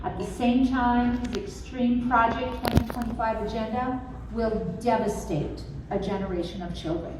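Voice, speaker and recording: A middle-aged woman from southwestern Minnesota giving a measured, emphatic campaign speech, with folksy asides. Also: a little high. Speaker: political campaign speaker. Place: restaurant event room. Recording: echoey, distant room recording with crowd noise.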